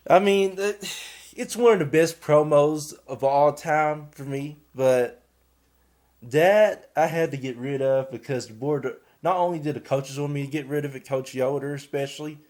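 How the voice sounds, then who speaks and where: Young man, college athlete type, casual rambling storyteller, middle-pitched voice. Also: unhurried, darkish tone. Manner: rambling, fills with "and stuff".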